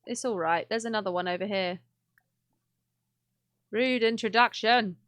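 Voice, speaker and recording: A woman's voice: medium pitch, moderate pace, long pauses, a bit bright, dry recording. A young woman chatting and exclaiming through a live game stream, laughing often. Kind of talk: casual live gameplay commentary.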